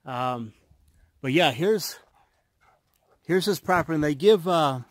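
A man rambling casually to his viewers while walking outdoors on a high mountain road, a little out of breath. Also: expressive, slow, no echo. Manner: rambling, chatty, loose. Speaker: vlogger.

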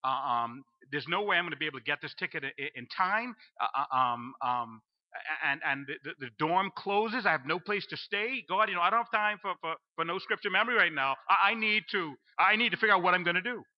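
A man preaches in church, telling a personal story with lively swings in his voice. His pitch sits a bit high, and he drops to a low hush when he speaks as God. The sound comes through a dull, lo-fi live stream. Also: fairly quick. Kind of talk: storytelling sermon. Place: church sanctuary.

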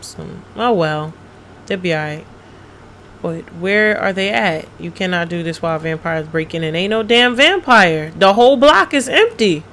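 Bright-voiced, profane woman streamer. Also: lowish voice, vocal fry, slight background noise. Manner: profane, blunt, reacts loudly to the game; reads chat messages aloud and answers them. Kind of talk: casual gaming livestream chat.

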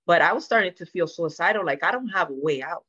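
A woman speaks as a guest in a candid sit-down podcast conversation. She tells her story earnestly and emotionally, slipping into the voices of the people she quotes. Her voice is bright and forceful, and the recording sounds a little dull and lo-fi. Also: on the low side, animated, quick pace, slightly rough. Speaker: interview guest.

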